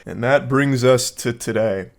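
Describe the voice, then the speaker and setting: A man's voice: medium pitch, measured pace. Sardonic profane male commentator. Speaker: online commentator. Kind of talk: comedic commentary on text messages.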